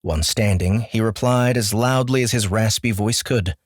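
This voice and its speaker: A man narrating an audiobook in a measured, clear voice. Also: lowish voice, no echo, clean studio sound. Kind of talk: scripted narration.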